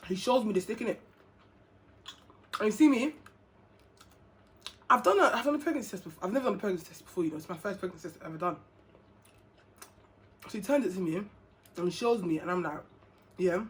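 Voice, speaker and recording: Young woman telling a story. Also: medium pitch. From England. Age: young adult. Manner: animated, slangy, laughs often, acts out dialogue. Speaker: vlogger. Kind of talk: casual storytelling.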